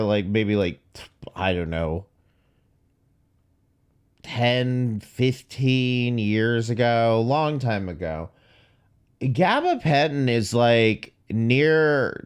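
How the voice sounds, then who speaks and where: A man hosting a reaction commentary, talking in sarcastic, profane and skeptical asides. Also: mid-range voice. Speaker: commentary host.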